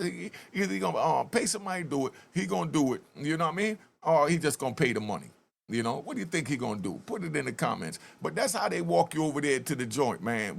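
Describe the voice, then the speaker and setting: A man who served time, talking straight to viewers in an animated, casual way as he comments on a video and tells prison stories. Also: on the high side, gravelly.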